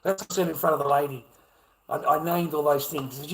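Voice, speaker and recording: An Australian man ranting off the cuff on a livestream, swearing a lot and repeating himself, moving from low muttering to shouting. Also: steady tone, quick pace, low-quality recording. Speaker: livestream ranter. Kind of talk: profane off-the-cuff rant.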